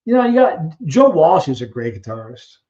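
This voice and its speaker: A man's voice: a little high, sing-song, normal speed, a little mellow, lo-fi sound. A man hosting a casual live stream, chatting loosely with viewers, reading out their questions and trailing off while he searches for names.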